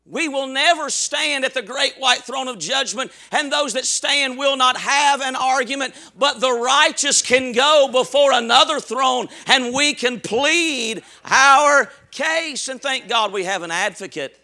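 A man preaching a sermon in a strikingly high register. His tone is piercingly bright. He shouts his points, then falls suddenly soft. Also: a little slow, hardly any pauses. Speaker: pastor.

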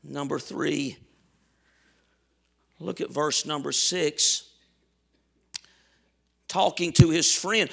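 A male pastor preaching a sermon with passion, swinging from shouts to soft, quiet asides. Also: fairly high pitch, drawn-out words, vocal fry, long pauses. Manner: impassioned preaching with shouts and sudden soft drops.

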